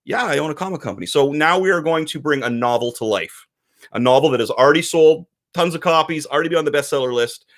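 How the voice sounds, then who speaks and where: A man's voice: on the high side, fast talker. A man co-hosting a casual podcast, talking animatedly and acting out quoted voices. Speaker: podcast co-host, comic publisher.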